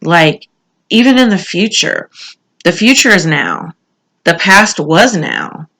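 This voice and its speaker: A woman speaks in a casual tarot reading, her voice bright and forward. She is earnest and reassuring, often pausing and repeating phrases to drive a point home. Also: fairly low pitch, huge pitch swings. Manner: frequent "um" pauses, repeats phrases for emphasis. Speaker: tarot card reader.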